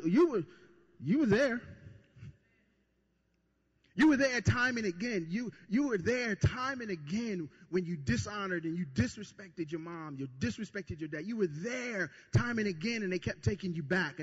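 A man's voice: sits high, husky. A man preaching a sermon as pastor, with emphatic repetition and stammered restarts. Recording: long reverb, dull lo-fi sound.

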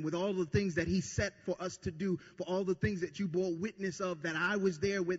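Husky high-voiced preacher in a reverberant hall. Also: male voice, fairly even intonation, brisk, hardly any pauses. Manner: repetitive emphatic preaching, stammered restarts. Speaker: pastor. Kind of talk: sermon. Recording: long reverb, dull lo-fi sound.

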